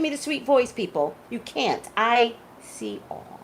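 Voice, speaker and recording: A woman's voice: fairly high pitch, unhurried, a little hiss or hum, poor audio. A woman working as a psychic tarot reader, chatting casually and emphatically to her viewers, saying "like" a lot. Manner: chatty, animated, says "like" a lot. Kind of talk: casual chat to camera.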